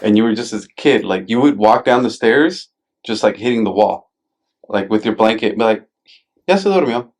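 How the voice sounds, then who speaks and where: A man's voice: fairly low pitch, steady tone, normal speed, a little mellow. A man hosting a podcast in a casual chat. He tells stories with many fillers and swears now and then, and acts out quotes in a raised voice. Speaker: podcast host.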